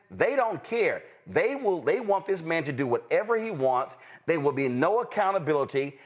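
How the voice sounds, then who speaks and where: A man's voice: on the high side, a bit bright. A man hosting a political talk show, speaking indignantly and emphatically, often stammering as he restarts sentences.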